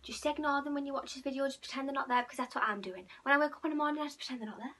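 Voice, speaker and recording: A young woman chatting casually to camera as a vlogger, playful and a little croaky, sometimes dropping to a near whisper. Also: high-pitched, rapid-fire, pushed and bright. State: slightly croaky.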